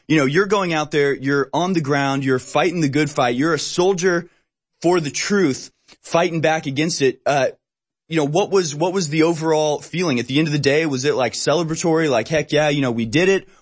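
A man's voice: on the high side, normal speed. A man hosting a talk show interview, asking long, rambling questions full of fillers. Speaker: show host.

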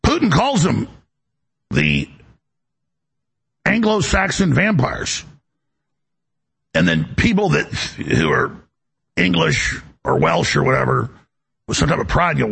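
A man's voice: mid-range voice, sing-song, measured pace, vocal fry, pauses often, a bit bright, breathy edge. A male talk show host delivering an emphatic, rambling political monologue, often repeating words as he goes.

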